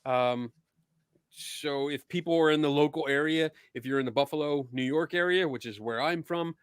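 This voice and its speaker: A middle-aged man with a Philadelphia accent hosting a casual chat, easygoing, laughing often and filling pauses with ums. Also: on the high side, clean tone, no room sound, clean studio sound. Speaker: podcast host.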